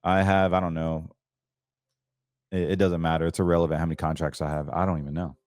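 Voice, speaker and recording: A low-pitched man hosts a financial show in a loose, chatty monologue. He gets excited, trips over his words and restarts, and sounds close and dry with no room around him. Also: fast, no echo. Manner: chatty, stumbles and restarts, excitable about trades. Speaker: host.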